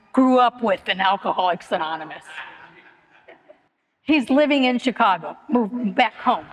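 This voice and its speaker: Middle-aged woman sharing her story at a meeting, earnest and repeats herself, mid pitch, long hall echo. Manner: earnest, repetitive, emotionally open storytelling. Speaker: speaker at a recovery meeting. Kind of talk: personal testimony.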